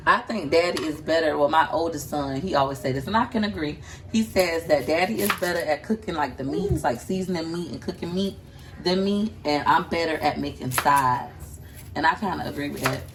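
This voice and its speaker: A woman's voice: deep voice, brisk, noisy background. A chatty, teasing woman from Tampa, Florida, talking casually to her viewers in a home kitchen while she films on a handheld phone. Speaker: vlogger and mother. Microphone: handheld phone camera.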